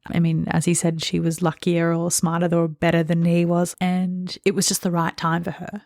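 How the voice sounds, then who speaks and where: A woman's voice: on the low side, completely flat delivery, moderate pace, vocal fry, a little mellow, no echo, clean studio sound. A woman co-hosting a podcast in a casual book discussion, earnest and thoughtful, with plenty of fillers like "like" and "you know". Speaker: podcast co-host.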